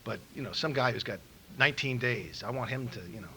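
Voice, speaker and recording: Bright-voiced man telling his story. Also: medium pitch, quick pace, poor audio. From Los Angeles. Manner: animated storyteller acting out quotes, laughing. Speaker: recovery meeting speaker. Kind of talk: storytelling talk. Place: meeting room in a school.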